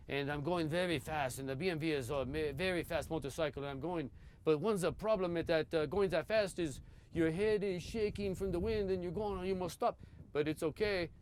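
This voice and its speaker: A man's voice: a little high, a little hiss or hum, natural voice. A man voicing a short, cocky male desert motorcycle racer who talks in boastful broken English and swears.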